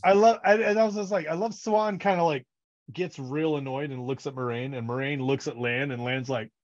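A man co-hosting a casual fan podcast, animated and laughing, acting out characters' lines as he retells scenes. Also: on the high side, fairly quick. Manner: animated, acts out quotes, laughs often. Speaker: podcast co-host. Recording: dull lo-fi audio.

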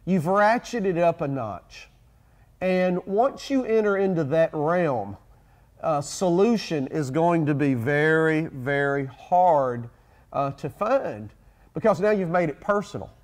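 A male pastor co-hosting a casual talk on marriage. His voice sits a little high for a man, and he drives his points home by repeating key phrases with emphasis. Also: expressive, slow, a little mellow. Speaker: pastor and show co-host.

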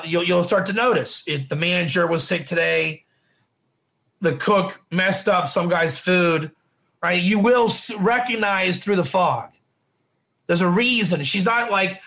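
This middle-aged Torah teacher has a high, gravelly voice that sounds pushed and bright. His classroom lesson is casual and conversational, he repeats points, and "right?" comes up often as he checks on his listeners.

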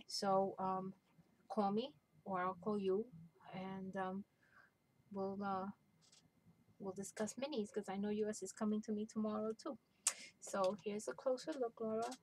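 A woman in middle age talks through her handmade craft piece, pausing often with ums and restarting her sentences. Her voice sits at an ordinary middle pitch, easygoing and unhurried. A faint background hum sits under her talk. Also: poor audio. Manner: hesitant, many ums and restarts, gentle. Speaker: crafter showing a handmade mini album. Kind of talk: casual show-and-tell.

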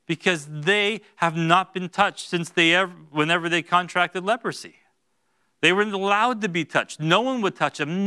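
Bright, clear-voiced male pastor preaching. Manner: swings between hushed, slow words and loud, high bursts. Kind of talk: sermon. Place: church sanctuary.

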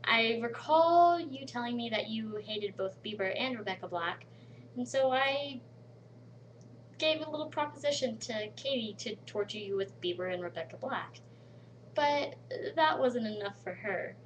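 A woman chatting casually to her webcam at home late at night, rambling with lots of "um"s and dropping into soft murmured asides. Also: a little high, lively intonation, a little slow, a little hiss or hum, low-quality recording. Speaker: vlogger in a collab channel. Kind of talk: casual chat to camera.

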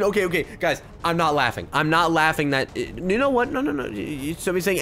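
A man doing excitable gameplay commentary as a video host, swinging from hushed murmurs to loud squeals. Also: on the high side, fast, vocal fry, hardly any pauses. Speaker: gaming YouTuber.

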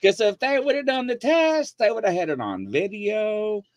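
Animated man telling stories. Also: high-pitched, normal speed, no room sound. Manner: animated storyteller, acts out quoted people. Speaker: podcast host. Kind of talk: casual chat.

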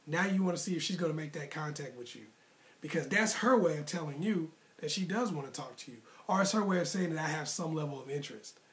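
Brief: male dating coach, talks straight to camera, casual and slangy, pushes his points hard with repetition, voice sits a bit high. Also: animated, fast, a bit bright. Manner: emphatic, repetitive, motivational. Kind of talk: direct-to-camera advice monologue.

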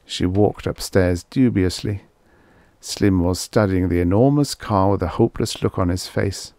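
A man's voice: low voice, measured pace, warm tone, dry recording. A man narrating a vintage story aloud in a wry first-person telling. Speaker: audiobook narrator. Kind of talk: scripted narration.

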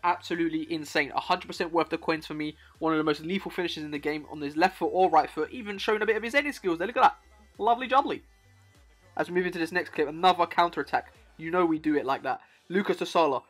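Young man, high-pitched, excitable game commentary, faint music behind. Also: fast, few pauses. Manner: excitable, playful, talks to the viewer. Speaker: gaming YouTuber. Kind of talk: hyped football game commentary.

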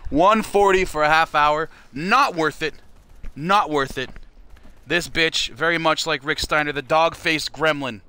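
A man's voice: a little high, measured pace, pushed and bright, clear, resonant tone. A young man livestreaming a charity fundraiser, joking, profane and self-mocking in casual chat.

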